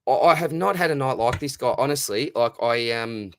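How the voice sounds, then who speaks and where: A man's voice: mid-range voice, normal speed, hardly any pauses, fairly bright tone, no room sound. A young Australian man hosting a casual live question-and-answer stream, upbeat and matey, and losing his voice.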